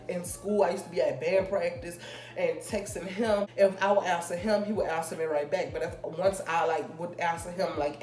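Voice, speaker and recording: A woman's voice: on the low side, darkish tone. A young woman vlogger telling a personal story in casual, rambling chat full of fillers. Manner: chatty, rambling, drawn-out fillers. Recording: echoey room with faint music.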